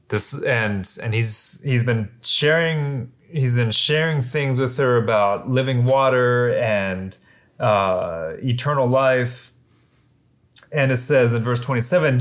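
Male pastor, unhurried sermon delivery, relaxed and chatty, middle pitch. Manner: casual, conversational preaching with many fillers.

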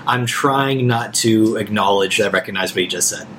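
A man's voice: lowish voice, a little fast, a bit bright, slight background noise. A man playing a tabletop role-playing game, hesitant and full of fillers. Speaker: player.

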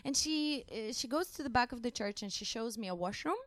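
A woman with a fairly high voice tells a travel story in a relaxed, chatty way. She brings it to life by acting out the people she met. She sounds close and dry, with no room echo. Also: a little fast. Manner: animated, acts out the people she quotes. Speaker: guest, long-distance cyclist. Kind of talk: casual storytelling.

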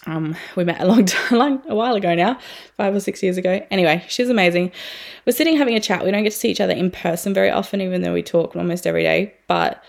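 A woman's voice: on the low side, quick pace, creaky. A woman in her thirties hosting a podcast, talking frankly and chattily, swearing freely with lots of fillers. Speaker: podcast host. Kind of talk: candid personal podcast monologue.

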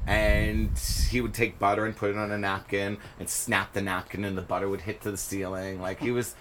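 Animated storytelling man, slightly low voice. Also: fairly quick, noisy background. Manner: animated, often laughing, acts out quotes. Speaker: podcast guest, stage performer. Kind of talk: casual storytelling interview.

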